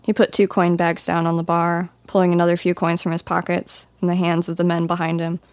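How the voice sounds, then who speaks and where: A woman's voice: on the low side, completely flat delivery, fairly quick, darkish tone, no echo. A woman narrating a first-person fantasy audiobook in a dry, wry storytelling manner.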